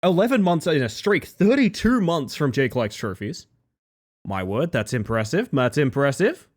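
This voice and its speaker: A man streaming live, chatting casually with viewers. He is excitable, swears and laughs often, and swings between loud outbursts and soft low asides. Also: moderate pace.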